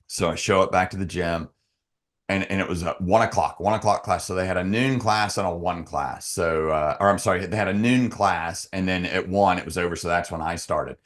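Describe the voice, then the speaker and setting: A man, a podcast guest, telling an emotional personal story in an earnest, halting way with frequent restarts. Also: sits low.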